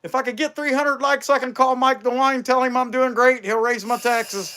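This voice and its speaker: Man, casual livestream host, rambling folksy banter, fairly high pitch, loud background noise. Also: fairly even intonation, moderate pace. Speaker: chainsaw carver and livestream host. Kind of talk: casual livestream chat while working. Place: outdoor carving workshop. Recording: loud outdoor noise behind.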